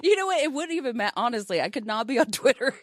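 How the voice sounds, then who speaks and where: High-pitched, giggly woman on a podcast. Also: very animated, rapid-fire, dry recording, studio quality. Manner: laughs often, self-mocking. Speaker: podcast co-host. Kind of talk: casual podcast chat.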